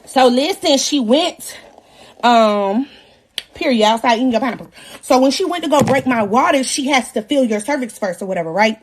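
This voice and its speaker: A young woman in her twenties hosting a livestream, telling a story casually in animated, slangy talk and joking with her viewers. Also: high voice, normal speed, slight background noise. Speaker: live-stream host.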